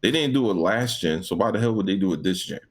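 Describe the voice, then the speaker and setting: A man's voice: deep voice, lively intonation, fast. A man co-hosting a gaming podcast, ranting casually with lots of profanity and acted-out back-and-forth. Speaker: podcast co-host.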